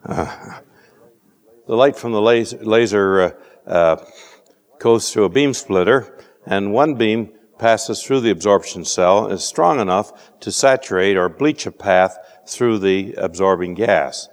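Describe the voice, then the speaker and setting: Measured male lecturer in a reverberant hall. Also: lowish voice. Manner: measured, dry wit, frequent uh fillers. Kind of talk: scientific lecture.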